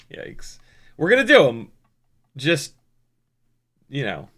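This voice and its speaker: Bright-voiced man chatting on a stream. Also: a little high, wildly swooping pitch, extremely slow. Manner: rambling, self-mocking, frequent restarts. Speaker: streamer reading chat. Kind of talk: casual live-stream chat. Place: home workshop at a workbench.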